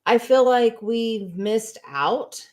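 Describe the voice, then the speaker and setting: A woman's voice: a little high, animated, slow. Chatty woman. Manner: chatty storyteller with many fillers. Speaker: co-host. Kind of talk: casual chat.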